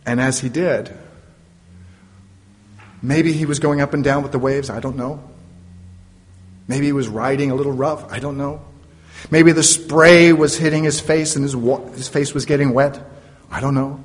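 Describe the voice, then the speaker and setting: A man's voice: mid-range voice, fairly even intonation, moderate pace, pauses often. A man preaching a sermon, retelling a story dramatically with playful asides. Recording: long reverb of a large hall.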